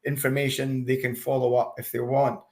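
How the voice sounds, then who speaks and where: A man's voice: medium pitch, level tone, brisk. A man from Scotland, a guest in an interview, telling anecdotes in a chatty, hesitant way with many repeated words. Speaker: interview guest, expat campaigner. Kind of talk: casual conversational interview.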